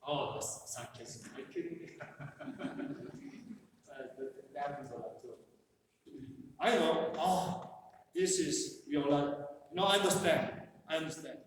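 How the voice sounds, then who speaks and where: A man with a fairly high, unhurried voice presents a workshop to a live audience, pausing often and joking conversationally with lots of "you know" fillers. He's recorded from far off in an echoey hall with faint noise.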